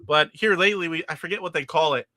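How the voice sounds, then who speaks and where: Reading out viewer comments on his livestream, this California host chats and rambles, frequently restarting and laughing. His voice is fairly high and sharp, he speaks quickly, and the recording is dry.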